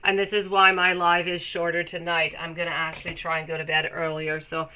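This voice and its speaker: A woman with a cold and a stuffy, nasal voice, chatting warmly with her viewers while reading tarot on a live stream. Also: lowish voice, monotone, fairly quick, lo-fi sound. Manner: chatty, affectionate, laughs often. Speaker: tarot reader.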